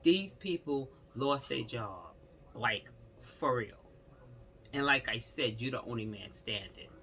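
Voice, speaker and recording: Male vlogger, casual rant-style commentary, gravelly with some fry, keeps repeating himself. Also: medium pitch, expressive, slow pace, bright, forceful tone, slight background noise. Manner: rambling, repetitive, exclamatory, talks straight to the subject.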